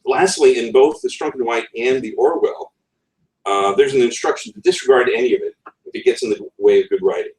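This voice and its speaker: A man's voice: mid-range voice, lively intonation, brisk, darkish tone. A man giving a conference talk on writing, with wry asides and a chuckle in his voice. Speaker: conference speaker. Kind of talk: presentation on writing. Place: conference room. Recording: roomy, from far off the mic.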